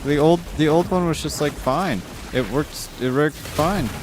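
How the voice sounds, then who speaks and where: Speaking a little slowly over faint background music, this man streams live and reads chat comments aloud. He rants casually, curses frequently, and his voice rises in exasperation.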